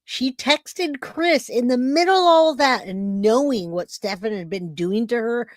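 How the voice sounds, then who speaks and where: A woman's voice: fairly high pitch, lively intonation, a little slow, dry recording. A woman hosting a livestream, reacting emphatically to clips and reading out viewer chats. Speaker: livestream host. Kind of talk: casual livestream commentary.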